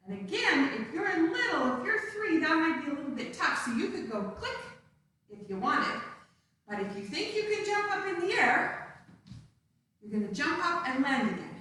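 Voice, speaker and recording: High-voiced woman as a children's dance teacher, encouraging, far from the mic in a very echoey room. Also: a bit bright, a little hiss or hum. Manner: upbeat, coaxing, speaks to small children. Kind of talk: live-streamed kids' dance lesson. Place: room at home, some distance from the camera.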